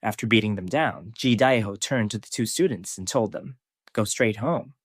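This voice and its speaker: A man in scripted narration, retelling a comic story in an even, matter-of-fact way. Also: fairly low pitch, normal speed, breathy edge, no echo, clean studio sound.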